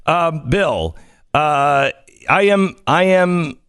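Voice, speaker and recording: Male talk radio host, middle-aged, animated, self-deprecating, dry studio mic. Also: a little high, drawn-out words, clear, resonant tone, dry recording. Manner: animated, self-deprecating, asks pointed questions. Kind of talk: casual talk radio chat. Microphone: studio microphone.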